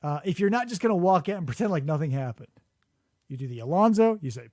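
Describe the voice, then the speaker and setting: Podcast host, male. High, very expressive storyteller who acts out quotes. Dry studio sound. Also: quick pace, no room sound. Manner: animated storytelling, acts out quotes, swears freely. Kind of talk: casual chat. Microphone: studio microphone.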